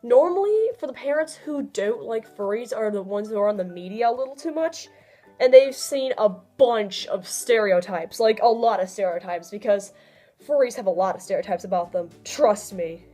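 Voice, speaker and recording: A young woman giving casual advice in a vlog, chatty and laughing often, her pitch swinging up and down. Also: lively intonation, normal speed, mellow, soft background music. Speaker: vlogger.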